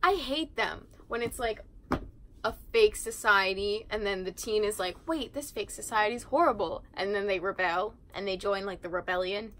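Teen girl vlogger, chatty and sarcastic, bright tone, light background hiss. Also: medium pitch, normal speed, poor audio. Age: teens. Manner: chatty, sarcastic, swears casually. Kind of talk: casual chat while cleaning.

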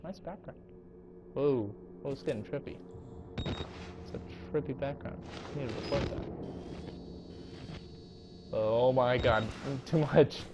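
A man's voice: medium pitch, slow, pauses often, noisy background. A young man commentating a horror game, jumpy and panicky, swearing and repeating "no, no" and "go, go". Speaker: let's play gamer.

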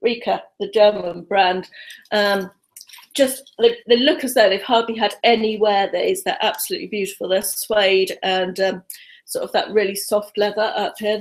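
Woman, 50s, webcam vlogger; jittery, breathless, rambling chat with plenty of fillers. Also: medium pitch. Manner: nervous, rapid, chatty with many ums. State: slightly out of breath. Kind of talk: casual live-stream haul chat.

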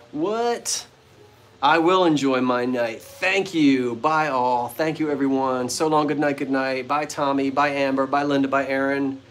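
Speaking a little slowly, a man with a medium-pitched, slightly bright voice chats playfully with viewers of his vintage-goods live stream. The casual talk comes from the front porch of an old bungalow as the sun sets, and he jokes along the way.

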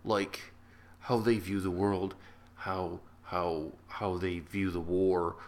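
A deep-voiced man talks through a film in a casual vlog. He rambles, restarts his sentences and speaks with heartfelt feeling. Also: level tone, slow. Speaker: film reviewer.

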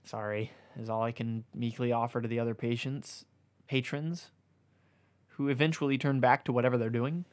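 A man's voice: mid-range voice, normal speed. Man reading a novella aloud. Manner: deadpan reading broken by amused asides and self-corrections. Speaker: reader.

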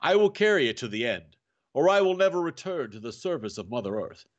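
Man voicing an obstinate elderly professor: animated swings, gentle then menacing. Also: fairly low pitch, unhurried, highs cut off. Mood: vehement. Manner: tender then harsh and menacing. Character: old male professor, stubborn, fiercely determined. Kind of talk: reading a novel aloud.

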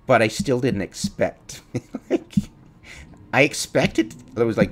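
A man's voice: on the low side, animated, slow pace, pauses often. A man commenting on his own gameplay, mocking his mistakes, laughing often and acting out his inner voice. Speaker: gamer streamer.

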